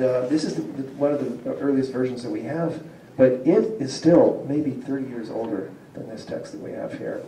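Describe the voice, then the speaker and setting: In an echoey civic centre lecture room, a man who professes Slavic linguistics talks through a public lecture conversationally, reading word examples aloud. His medium-pitched voice has a warm tone, heard from a distance over a faint hum.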